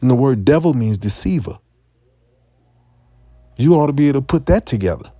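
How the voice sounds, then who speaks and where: A man giving a profane, impassioned street-preaching rant, full of stammered restarts and sudden rises to near-shouting. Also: mid-range voice, lively intonation, fairly quick, no room sound.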